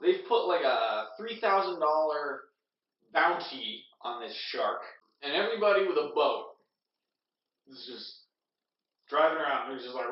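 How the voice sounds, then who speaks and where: A man's voice: fairly high pitch, big pitch swings, moderate pace. A drunk man retelling a film as a comedy bit, rambling and swearing, with lots of filler words. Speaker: storyteller. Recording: echoey room, distant mic, dull sound.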